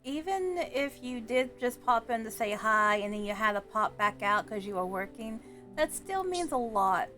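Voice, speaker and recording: Sappy woman streamer host chatting, high bright voice, bouncy pitch. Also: animated, normal speed, soft background music. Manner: sappy and heartfelt, laughs often. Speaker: streamer hosting an interview. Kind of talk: casual livestream chat.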